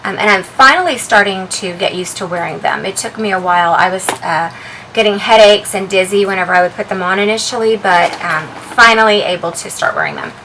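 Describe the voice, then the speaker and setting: A woman vlogger chatting casually as she shows the contents of her handbag, relaxed and full of ums and uhs. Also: mid-range voice, brisk, noisy background. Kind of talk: casual show-and-tell vlog.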